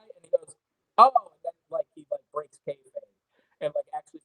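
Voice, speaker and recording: A man tells a story from the road in loose, chatty talk. He swears freely and trips over his own restarts. His voice sits a little high and sounds dry and close. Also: a little fast, no echo, rough recording. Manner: profane, rambling storyteller with many restarts. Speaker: guest wrestler. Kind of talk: casual storytelling. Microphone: remote call mic with audio trouble.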